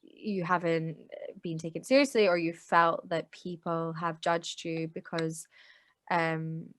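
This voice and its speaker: A British woman, an English teacher, talking in an animated, emphatic way as a podcast guest, with many "like" fillers. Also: lowish voice, slow. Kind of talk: casual podcast conversation.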